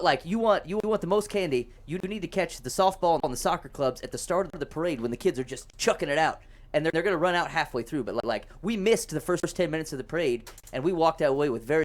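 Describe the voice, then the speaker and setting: A man hosting a podcast in a small studio, joking through a quiz game in casual chat. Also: a little high. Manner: fast, joking, laughs often. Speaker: podcast host.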